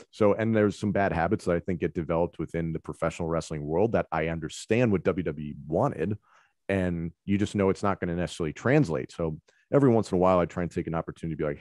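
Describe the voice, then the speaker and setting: Deep-voiced man, easygoing interview talk. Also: quick pace, no echo, clean studio sound. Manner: relaxed, conversational, explains with examples. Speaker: wrestling commentator. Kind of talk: conversational interview answers.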